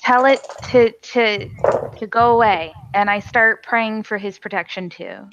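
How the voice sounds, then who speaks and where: A woman's voice: mid-range voice, a little slow, lo-fi sound, noisy background. A woman playing a tabletop game in character, chatty and asking lots of questions. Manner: chatty, asks many questions. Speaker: player.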